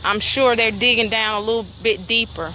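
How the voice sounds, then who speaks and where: A breathless, upset woman films a walking vlog on her rural property, putting pointed questions to her viewers as crickets chirp. Her voice is on the high side, sharp and steady, at a moderate pace, with slight background noise.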